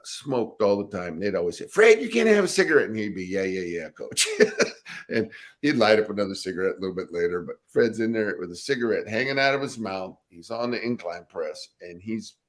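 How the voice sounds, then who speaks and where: A man's voice: fairly low pitch, a little fast. An older man, a former football linebacker, telling laughing stories in a casual interview. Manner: laughing, animated anecdotes with acted quotes.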